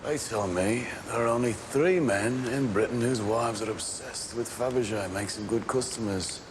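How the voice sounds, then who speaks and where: An actor playing a cold, calculating male gang leader who speaks in a measured, controlled way. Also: medium pitch, lightly acted. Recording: film audio with background noise.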